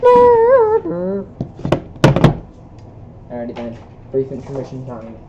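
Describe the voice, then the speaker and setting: A woman at home reading a film script aloud for laughs, stumbling over lines in a deadpan way. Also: very deep voice, measured pace, narrow, tinny audio, heavy background noise. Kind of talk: casual comedic script reading. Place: home with a pet dog.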